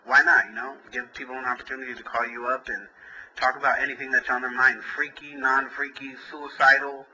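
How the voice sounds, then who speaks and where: Crude, joking man with a very bright voice. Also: mid-range voice, little pitch movement, fast, highs cut off, slight background noise. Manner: crude, rambling, jokey storyteller. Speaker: comedian hosting call-in show. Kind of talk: comedic call-in chat.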